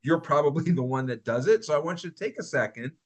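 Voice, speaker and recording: A man's voice: a little high, lively intonation, quick pace. A man presenting a workplace training workshop in a conversational way, often asking his listeners questions. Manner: conversational, asks the audience questions. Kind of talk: recorded training talk.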